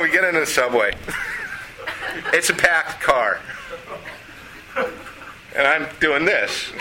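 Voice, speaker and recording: A middle-aged man, a writer, telling a personal story in a lively way and acting out the people in it. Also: medium pitch, a little hiss or hum, low-quality recording.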